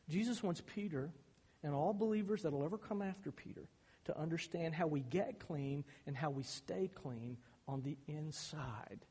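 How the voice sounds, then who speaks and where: High-voiced pastor preaching in a hall. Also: male voice, dark tone, breathy edge. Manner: emphatic, rising in intensity on key points. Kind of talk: sermon. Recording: hall reverb.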